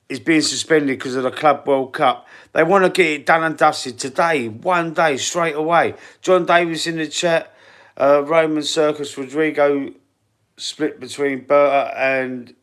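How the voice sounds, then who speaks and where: A man's voice: fairly high pitch, fairly bright tone. Man, Cockney accent, live-stream football host, rambling, lots of ums and restarts, bit sniffly. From East London. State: runny nose. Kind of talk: casual live-stream chat.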